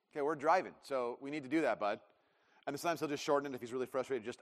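A man's voice: medium pitch, very fast. A man in his thirties preaching a sermon in a church, conversational and self-deprecating, acting out bits of dialogue. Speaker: pastor. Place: church auditorium. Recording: long reverb of a church hall.

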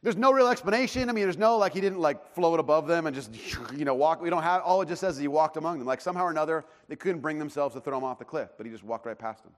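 A man preaching a sermon in a conversational, animated way, acting out the voices of the people in the story. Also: on the high side, quick pace, hardly any pauses. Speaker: pastor.

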